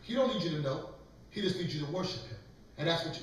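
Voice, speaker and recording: A man's voice: a little high, expressive, fast. A man preaching and leading a scripture class, lecturing emphatically and calling on others to read. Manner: emphatic, lecturing, calls for readings. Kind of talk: preaching sermon. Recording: echoey room, mic far off.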